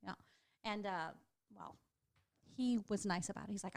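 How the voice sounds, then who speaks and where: A woman's voice: mid-range voice, moderate pace, gravelly. A middle-aged woman with a Texan accent, co-hosting a podcast and telling stories in a chatty way, laughing often. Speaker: podcast co-host. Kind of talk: casual chat.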